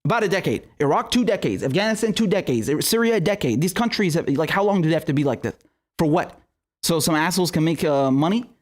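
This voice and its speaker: Speaking fast and expressively in a slightly high voice, a young man hosts an angry political livestream. He swears heavily, stammers and restarts frequently in his fury, and reads viewer super chats out loud.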